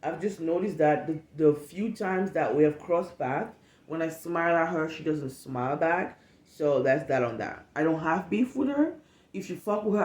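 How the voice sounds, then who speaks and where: A young woman from West Africa telling a casual storytime rant as a vlogger, animated and profane, acting out what people said. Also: lowish voice, reverberant. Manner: animated, profane, emphatic, acts out quotes.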